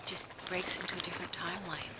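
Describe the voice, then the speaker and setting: A woman in her late fifties, streaming a game and chatting in a soft, half-whispered, slow and gentle way. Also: on the low side, heavy background noise. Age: 50s. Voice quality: even, gentle delivery. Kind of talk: casual chat while gaming.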